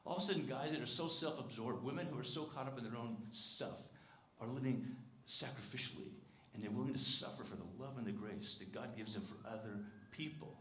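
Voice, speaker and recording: A pastor delivers his sermon in an earnest, conversational way, asking the congregation questions and occasionally stumbling on repeated words. He speaks fairly quickly in a mid-range, fairly bright voice. The sanctuary echoes, and there is a little background noise.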